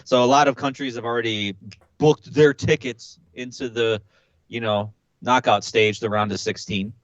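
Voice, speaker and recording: A man's voice: medium pitch, steady tone, normal speed, no room sound. Muffled, matter-of-fact man guest. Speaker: podcast guest. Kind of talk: casual podcast chat.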